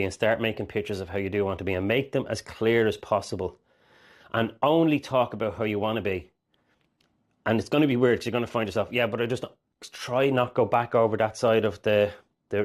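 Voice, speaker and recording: A man speaking as a mindset coach, earnest and rambling, often acting out inner voices. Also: lowish voice. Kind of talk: direct-to-camera coaching talk.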